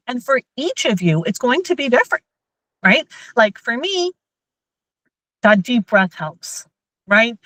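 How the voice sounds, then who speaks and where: A woman and mother giving a lively workshop talk on emotional intelligence to parents and teachers. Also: on the high side, unhurried, pauses often, no room sound, low-quality recording. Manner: lively, acts out everyday scenes in quoted voices.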